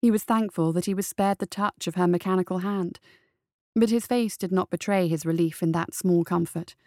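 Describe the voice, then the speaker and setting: A woman reading a dark adventure story aloud as its narrator, with a steady, even storytelling delivery. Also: lowish voice, normal speed, dry recording, studio quality.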